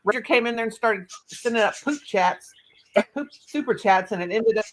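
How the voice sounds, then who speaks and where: A woman's voice: on the high side, moderate pace, poor audio. Blunt rambling woman in her fifties. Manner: blunt, candid rambling storyteller. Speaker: live stream host. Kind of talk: casual chat on a live stream.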